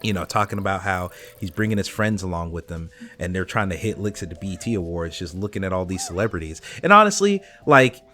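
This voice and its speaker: A man giving a casual, rambling album review, talking with lots of fillers and swearing, and getting animated when excited. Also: low voice, fast, few pauses, faint music behind. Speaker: music reviewer.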